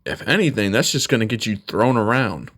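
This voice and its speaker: A man's voice: fairly low pitch, sing-song, a little fast, fairly bright tone. A man voicing a blunt, cocky teenage boy hero who teases offhandedly, in a spoken fan story. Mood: mocking.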